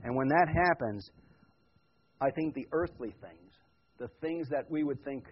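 Preacher, male, husky voice, loud scripture quotes and quiet asides, muffled church tape. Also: a little high, a little slow. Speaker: pastor. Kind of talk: sermon.

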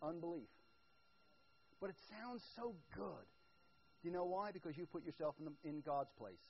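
High-pitched guy preaching, chatty then loud and punchy, muffled lo-fi sound. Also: huge pitch swings, moderate pace, creaky, a little hiss or hum. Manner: conversational preaching, swings from quiet asides to loud emphatic build-ups. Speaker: pastor. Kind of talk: sermon.

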